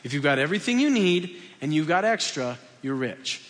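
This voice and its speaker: Casting: male pastor, high-pitched voice, chatty self-deprecating sermon, long hall reverb. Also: big pitch swings, moderate pace, a bit bright. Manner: conversational, self-deprecating, acts out dialogues.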